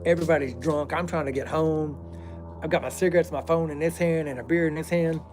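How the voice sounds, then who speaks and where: A man's voice: on the high side, fairly even intonation, a little fast, darkish tone, slight background noise. A man, telling a personal story in a rambling, profane, drawling way.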